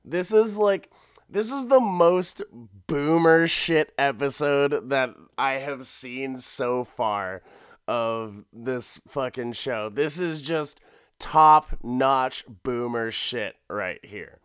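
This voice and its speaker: A young man recaps an episode with a smooth, clear voice that sounds dry and close-miked. He rambles, swears freely and laughs between his sentences. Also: mid-range voice, takes it slowly, fairly bright tone, no echo. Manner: rambling and profane, with frequent laughs and restarts.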